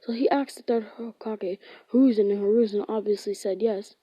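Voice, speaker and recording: A woman's voice: mid-range voice, fairly even intonation, a little fast, mellow, no echo. A woman casually retelling a fan-fiction story, rambling, with lots of filler words and frequent self-corrections. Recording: dull lo-fi.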